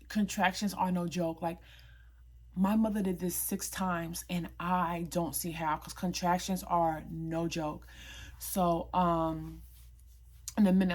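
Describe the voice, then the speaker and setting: A young woman, retelling a personal story in a casual, emphatic vlog style. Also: lowish voice. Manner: animated, emphatic retelling with quoted dialogue. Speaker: vlogger.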